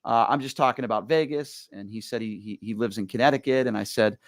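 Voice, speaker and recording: Fast-talking male radio host. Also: medium pitch, no room sound. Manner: rapid, animated, stumbling restarts. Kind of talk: casual storytelling chat.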